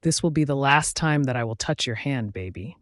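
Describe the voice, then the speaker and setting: A man's voice: medium pitch, expressive, fairly quick, a bit bright, no room sound, studio quality, lightly acted. A man voicing a tormented young male werewolf alpha, pleading and emotional. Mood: anguished. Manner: anguished, pleading, emotional outbursts.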